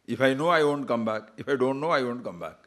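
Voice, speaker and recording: Lively man giving a discourse. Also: medium pitch, quick pace. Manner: lively, repetitive, jokes and chuckles, asks listeners questions. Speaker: spiritual teacher. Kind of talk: spiritual discourse with jokes and stories.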